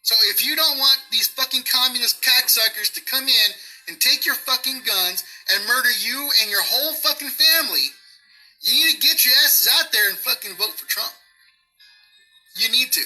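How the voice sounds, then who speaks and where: A man's voice: extremely high pitch, bright, forceful tone, poor audio. A man delivering an angry political rant outdoors, swearing heavily and repeating himself for emphasis. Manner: heavy swearing, emphatic and repetitive. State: pissed off. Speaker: vlogger. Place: outdoors near grass.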